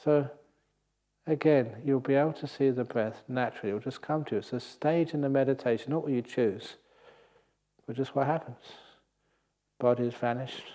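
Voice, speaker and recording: An older man giving a gentle, unhurried meditation talk with playful asides, as a meditation teacher on retreat. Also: medium pitch. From England. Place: meditation hall at a retreat centre.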